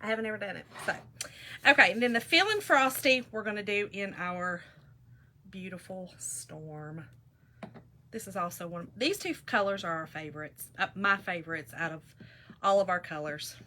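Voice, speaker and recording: A woman's voice: mid-range voice, normal speed, slight background noise. A woman telling a story casually to viewers while she works on a craft project. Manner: chatty, animated, addresses viewers as y'all. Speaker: craft vlogger.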